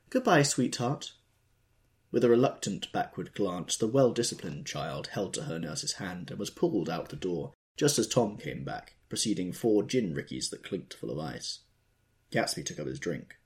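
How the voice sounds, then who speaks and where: Deep male audiobook narrator, expressive, measured.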